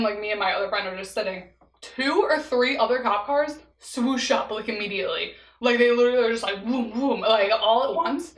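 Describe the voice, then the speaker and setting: A woman's voice: a little high, a bit bright, reverberant, poor audio. A young woman telling a story in a casual vlog while eating, chatty and laughing often, leaning on "like" as filler. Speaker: vlogger.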